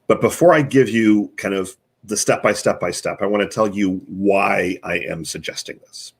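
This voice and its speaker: A man's voice: on the low side, normal speed, vocal fry, slightly rough. A man hosting a live online chat, giving earnest coaching advice laid out as numbered recommendations. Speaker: host and marketing consultant.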